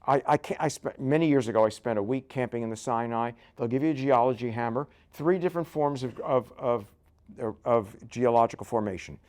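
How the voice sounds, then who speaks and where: A man's voice: mid-range voice, brisk, a little mellow. An older man, a rabbi, giving a conversational Bible lecture full of jokes and asides, often checking in with "right?". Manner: joking, keeps asking "right?".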